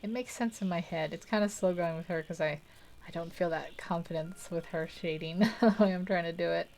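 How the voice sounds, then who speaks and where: A woman's voice: lowish voice, brisk, darkish tone. A young woman hosting a live art stream, chatting casually and rambling while she paints, laughing often and poking fun at herself. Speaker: art livestream host.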